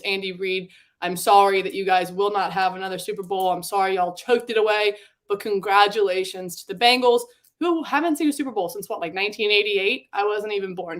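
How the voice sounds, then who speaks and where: A young woman in her twenties hosts a loose sports betting chat, candid and quick to swear. Her voice sits at an ordinary middle pitch, and she talks in a chatty, unfiltered way. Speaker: sports betting show host.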